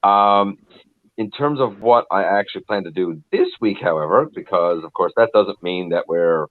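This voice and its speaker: A man's voice: sits low, normal speed, dry recording, phone-quality sound. A man chatting as a guest on a live stream, wordy and self-deprecating. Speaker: guest reviewer. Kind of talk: casual live-stream chat.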